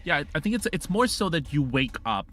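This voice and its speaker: A man narrating a tabletop game as game master, rambling and halting with many restarts. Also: a little high, very animated, a bit bright.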